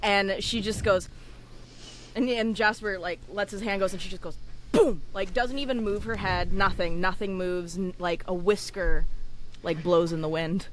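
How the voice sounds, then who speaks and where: Woman player, playful, swearing, mid pitch, faint hiss, tabletop game. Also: fairly even intonation, fairly bright tone. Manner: playful, swearing, quick reactions.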